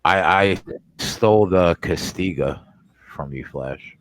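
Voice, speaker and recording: A man's voice: low voice, slow, poor audio. A male host of a live betting show, chatty, retelling stories with quoted lines.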